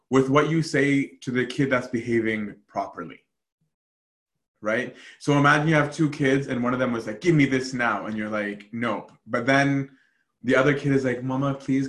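A male priest leads a scripture study, talking casually and animatedly with frequent restarts. His voice sits at an ordinary middle pitch. The room around him is noticeably echoey. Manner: animated, conversational, with many fillers and restarts.

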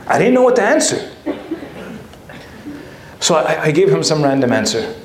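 A man's voice: fairly high pitch, sing-song, moderate pace, reverberant, a little hiss or hum. A male priest telling a funny story to an audience, self-mocking and often laughing. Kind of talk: humorous storytelling talk to an audience.

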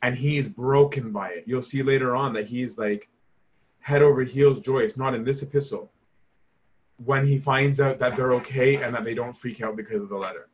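A man's voice: mid-range voice, normal speed, a little hiss or hum. A man teaching scripture in a casual, conversational way, emphatic and informal, often asking "right?". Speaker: Bible teacher.

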